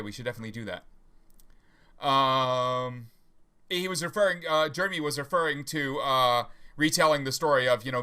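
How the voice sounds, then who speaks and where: A man's voice: mid-range voice, bright, forceful tone. A male podcast host in casual livestream chat, a rambling, chatty storyteller.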